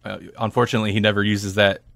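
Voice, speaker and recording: A man's voice: lowish voice, rapid-fire, creaky, no room sound. A man co-hosting a podcast, chatting casually and animatedly about films. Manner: chatty, animated, laughs often. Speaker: podcast co-host. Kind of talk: casual movie review chat.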